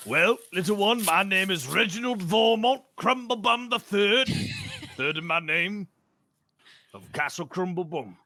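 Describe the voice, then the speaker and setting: A man voicing a pompous old nobleman knight who booms his own titles. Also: huge pitch swings, unhurried, sharp tone, heavily acted. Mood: grandiose. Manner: pompous, booming.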